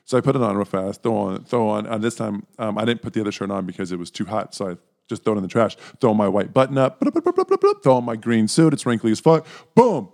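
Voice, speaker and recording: A young man co-hosting a podcast, telling a story in a casual chat and jumping into high silly voices to act out moments. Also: quick pace, vocal fry, hardly any pauses. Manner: animated, jumps into high silly voices when acting out moments. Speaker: podcast co-host.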